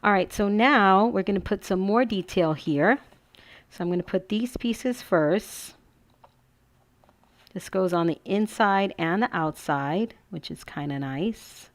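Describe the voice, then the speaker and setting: A woman's voice: mid-range voice, a little slow, dry recording. A woman hosting a casual crafting tutorial, chatty and gushing, thinking aloud as she works.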